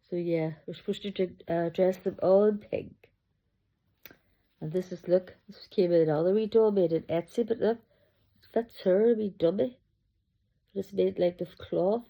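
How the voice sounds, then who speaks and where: A woman's voice: on the low side, vocal fry. A middle-aged woman who collects reborn dolls, chatting to camera in a rambling, gushing show-and-tell. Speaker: reborn doll collector vlogger. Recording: dull lo-fi home video.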